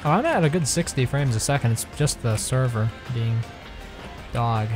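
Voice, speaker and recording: With game music playing in the background, a man streams a game with friends, chatting casually in a laid-back way and joking wryly about the lag. His mid-range voice is expressive and moves at a normal speed.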